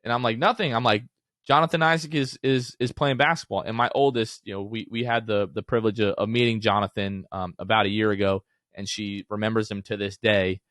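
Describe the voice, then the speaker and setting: A man in his thirties co-hosting a casual sports podcast, telling stories in an excited, animated way. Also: lowish voice, brisk, hardly any pauses, dry recording, clean studio sound. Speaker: podcast co-host.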